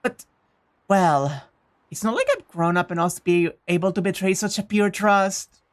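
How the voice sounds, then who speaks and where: A woman voicing an earnest teenage boy hero in a visual novel read-aloud, in a slightly lowered, thoughtful narrating voice. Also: normal speed, lightly acted.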